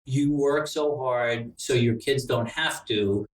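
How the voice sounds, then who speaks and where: A man's voice: mid-range voice, slow. A middle-aged man telling candid, profane stories in a casual interview. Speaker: screenwriter guest. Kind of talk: casual storytelling chat. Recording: roomy, distant mic.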